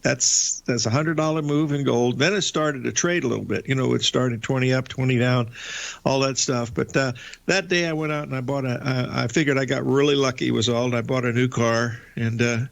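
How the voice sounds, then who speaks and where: An older man with a gravelly, creaky voice tells a long, folksy anecdote as a show host. He rambles, restarts his sentences and turns aside to address his audience. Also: mid-range voice, steady tone, fairly quick. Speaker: radio show host and veteran trader.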